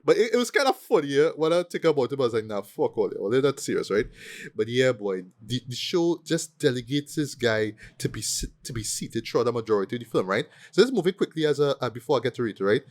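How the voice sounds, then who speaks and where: Animated man ranting about a film. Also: medium pitch, fast talker, few pauses. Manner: animated, profane, acts out quoted lines. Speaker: podcast co-host. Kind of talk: casual ranting movie review.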